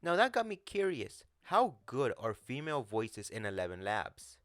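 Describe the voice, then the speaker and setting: A man's voice: mid-range voice, big pitch swings, moderate pace, a bit bright, no room sound. Guy doing a chill commentary vid, blunt, swears a bit, super dry close mic. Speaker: commentary channel host. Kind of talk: casual commentary vlog.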